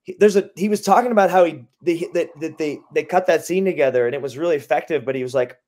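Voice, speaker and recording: Man, enthusiastic film director, casual interview, slightly raised pitch, quoting others. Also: fast, a little mellow.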